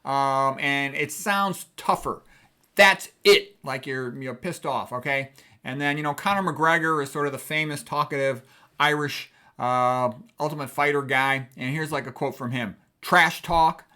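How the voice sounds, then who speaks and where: A man's voice: medium pitch, steady tone, normal speed, pushed and bright, clean tone. A middle-aged man teaching writing in a casual, conversational lecture, often checking in with "okay". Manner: conversational, chatty, punctuates with "okay".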